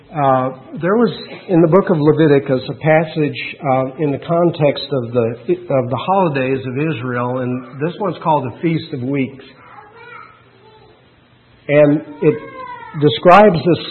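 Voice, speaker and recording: A man's voice: a little high, a little slow. A man preaching a sermon in an earnest way, stressing his words and now and then turning to ask the congregation a question. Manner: earnest, preaching with rising emphasis and asides to the congregation. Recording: phone-like narrow sound.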